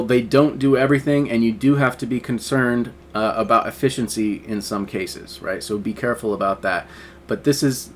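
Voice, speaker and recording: A man's voice: mid-range voice, slight background noise. A man teaching a screen-recorded coding lesson, talking casually and thinking aloud with many fillers. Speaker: instructor. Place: at a computer, keyboard typing.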